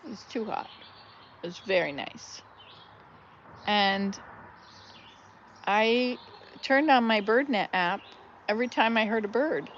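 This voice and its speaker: Older woman vlogger, unhurried chatty grandma, faint outdoor ambience and birds behind. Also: mid-range voice, lively intonation, lo-fi sound, slight background noise. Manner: chatty, laughs loudly at punchlines. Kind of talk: casual chat telling jokes.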